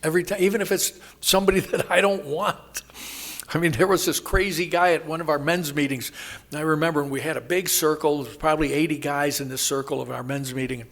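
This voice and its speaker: A man sharing his recovery story at a meeting, rambling and interrupting himself, laughing at his own jokes and acting out quoted voices loudly. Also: a little high, fairly even intonation, fast talker. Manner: acts out quoted voices with sudden loud jumps. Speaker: AA speaker.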